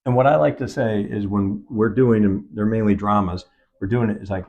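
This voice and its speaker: A man's voice: lowish voice, fairly even intonation, moderate pace, a little mellow, lo-fi sound. A man, a film producer, talking in an on-set interview and acting out quoted dialogue as he tells his story. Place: event set.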